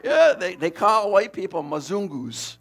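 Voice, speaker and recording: A man casually telling the story of a preaching mission, animated and laughing, with many restarts. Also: sits high, measured pace.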